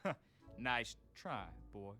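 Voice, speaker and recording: Bossy southern ship officer, slow drawl, voice jumps all over, kinda high. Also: male voice, expressive, sharp tone, faint music behind. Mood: commanding. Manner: gruff, commanding, scolding.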